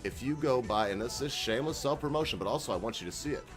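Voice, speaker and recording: A man's voice: mid-range voice, animated, fast talker, faint music behind. A man hosting his own video channel, talking in a folksy, rambling monologue with chuckling asides. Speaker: channel host.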